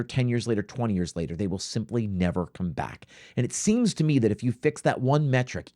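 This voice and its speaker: Host, male, coaching to camera; emphatic, lively delivery, dry recording. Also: mid-range voice, dry recording. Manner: emphatic, rhetorical "right?" tags. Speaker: restaurant consultant, show host.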